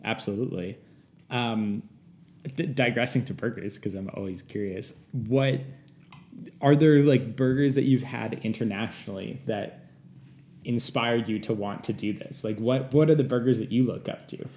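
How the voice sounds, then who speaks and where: A man interviewing a chef, asking loose casual questions and giving quick agreeing replies. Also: mid-range voice, a little mellow, echoey room.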